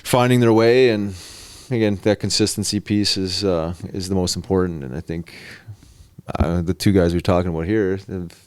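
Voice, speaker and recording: A man's voice: low-pitched, fairly even intonation, moderate pace, a little mellow, smooth, no room sound. A man co-hosting a sports podcast in casual chat, laid-back and leaning on "you know" as he talks. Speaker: podcast co-host.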